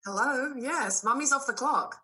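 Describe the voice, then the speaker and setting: Woman, bright voice, animated storyteller, casual podcast chat, swears and laughs freely. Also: sits high, normal speed, breathy edge. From Britain. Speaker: guest.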